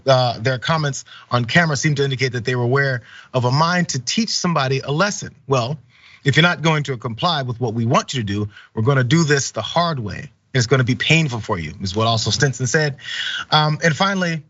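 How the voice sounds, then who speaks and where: A man's voice: mid-range voice, a little fast, fairly bright tone, no room sound, lo-fi sound. A man hosting online news commentary, talking loosely with many fillers and pressing indignant rhetorical questions.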